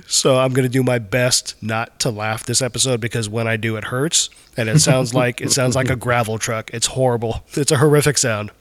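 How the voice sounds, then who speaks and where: A man hosting a podcast, making brisk and upbeat introductions in casual chat. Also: medium pitch, fairly even intonation. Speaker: podcast host.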